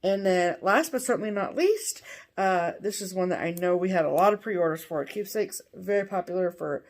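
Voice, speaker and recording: A woman co-hosting a cross-stitch show, chatting casually and gushing with excitement over what she shows. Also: lowish voice, moderate pace. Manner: gushing, enthusiastic. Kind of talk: casual show-and-tell chat.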